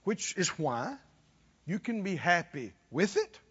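A man's voice: sits high, very animated, unhurried, a bit bright, slightly rough, in a large hall. A man preaching a sermon, folksy and chuckling, calling out to his listeners to respond. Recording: dull lo-fi recording.

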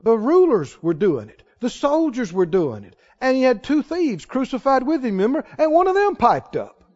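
Casting: high, lively male pastor, shouting rhetorical questions, dull recording. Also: moderate pace. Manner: swings from hushed asides to shouted exclamations; fires rhetorical questions at the congregation. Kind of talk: sermon.

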